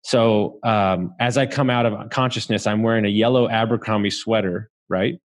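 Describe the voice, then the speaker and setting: Low-voiced man from Southeast Texas. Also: steady tone, normal speed. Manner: swears freely, laughs through his story. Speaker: podcast guest. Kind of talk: casual storytelling.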